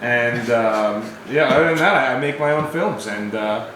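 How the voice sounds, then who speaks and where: A man's voice: mid-range voice, moderate pace, a bit bright. A young man, a guest filmmaker on a podcast, joking about himself and stammering with laughs. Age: young adult. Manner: self-mocking, stammering, laughing. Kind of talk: casual chat. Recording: echoey room with faint noise.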